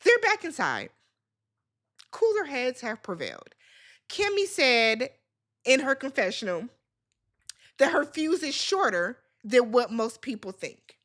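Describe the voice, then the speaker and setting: A woman's voice: high voice, big pitch swings, unhurried, pauses often, a bit bright. A woman hosting a reality TV recap, talking casually and bluntly, swearing freely as she gives her opinions.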